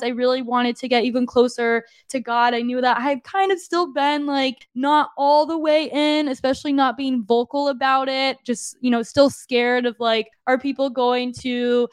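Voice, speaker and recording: A young woman with a slightly high voice tells her story in an earnest, confiding way, filling her talk with "like" and talking right to her listeners. The recording is close and dry, with no room sound. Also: no echo. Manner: earnest and confiding, frequent "like", addresses listeners as "you guys". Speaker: podcast host and fitness coach. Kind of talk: personal testimony monologue.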